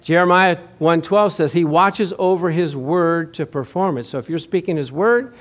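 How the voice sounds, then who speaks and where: A man's voice: fairly high pitch, normal speed. A man pastor giving a sermon, telling a chatty personal story and laughing often.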